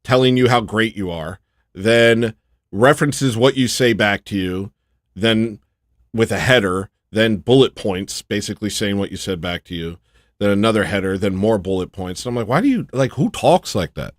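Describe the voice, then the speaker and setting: A man's voice: lowish voice, steady tone, normal speed, no room sound, studio quality. A man hosting a livestream, chatting casually in a rambling, sarcastic way and mocking what others say. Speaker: livestream host.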